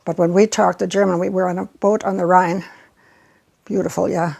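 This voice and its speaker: Casting: older woman, husky and gravelly, chatty storyteller in an oral history interview. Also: fairly low pitch, little pitch movement, brisk, a little mellow. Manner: chatty and reminiscing, with frequent laughs.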